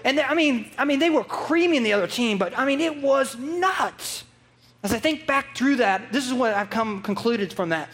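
High-pitched pastor guy preaching, storytelling, gets quiet and earnest. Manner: animated storytelling, shifting from excited to hushed and earnest. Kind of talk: sermon.

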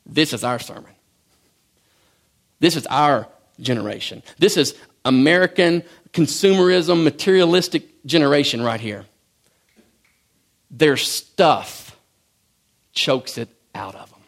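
A man's voice: fairly high pitch, animated, measured pace, pauses often. A man preaching a sermon in a folksy, joking way, often stumbling and restarting his phrases. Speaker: pastor.

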